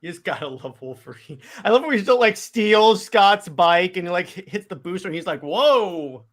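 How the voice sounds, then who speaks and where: This podcast co-host is a young man with a high, fairly bright voice, talking at a moderate pace on a casual movie review show. He rambles enthusiastically and keeps restarting what he's saying.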